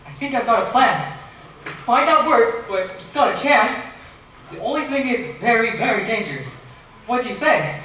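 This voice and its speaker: A teen actor plays a resourceful, friendly scarecrow in a mid-pitched, bright voice with steady delivery. The sound booms around a large auditorium, heard from far back with faint hiss. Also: moderate pace, heavy reverb. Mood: scheming. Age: teens.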